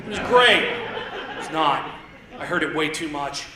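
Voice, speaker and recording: A man in his thirties doing live stand-up comedy on a theater stage, rambling and self-deprecating with quick asides. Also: a little high, expressive, crowd noise. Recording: roomy theater sound, mic heard from a distance.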